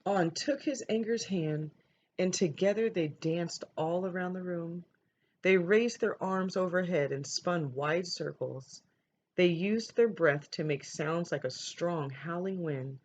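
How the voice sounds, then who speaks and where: A woman teacher reading a picture book aloud in a measured, gentle way. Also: lowish voice. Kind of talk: storybook read-aloud. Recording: dull lo-fi recording, faint noise.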